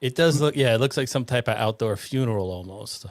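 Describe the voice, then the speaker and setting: A man's voice: medium pitch, a little fast, no room sound. A man co-hosting a podcast, chatting casually with blunt, jokey interjections. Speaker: podcast co-host. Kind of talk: casual chat.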